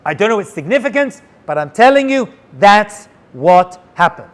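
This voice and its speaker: A male rabbi telling a story in an animated way, dropping Hebrew and Yiddish words as he goes. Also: high-pitched, normal speed, slight background noise. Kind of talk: storytelling talk.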